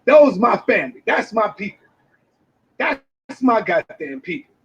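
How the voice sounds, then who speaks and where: A man in a brash, swearing reaction rant with loud outbursts, heard through dull lo-fi clip audio. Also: sits high, very animated, unhurried, background noise. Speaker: commentator reacting to a video.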